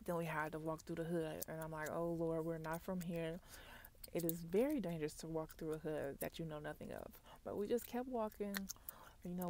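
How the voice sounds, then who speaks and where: A woman, telling a chatty, animated ASMR story in soft, half-whispered role-play, close to the mic. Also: lowish voice, slight background noise. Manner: chatty, animated storytelling, addresses viewers as y'all. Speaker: ASMR vlogger.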